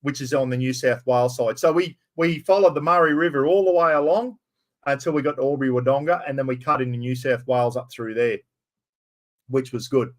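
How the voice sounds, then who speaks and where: An Australian man hosting a casual live stream, loud and rambling, swearing freely as he chats. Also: mid-range voice, brisk.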